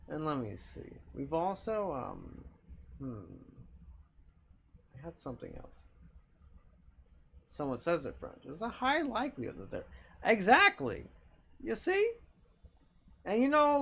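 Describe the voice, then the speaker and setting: A man's voice: high-pitched, wildly swooping pitch, takes it slowly, gravelly, long pauses, fairly bright tone, slight background noise. A man streaming live, chatting casually and reacting to chat, rambling and swearing freely.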